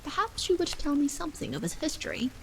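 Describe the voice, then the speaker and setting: A woman's voice: sits high, big pitch swings, fast talker, voice pushed up, low-quality recording. A woman voicing a shy, nervous, polite man in a whispered role-play. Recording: faint rain noise behind.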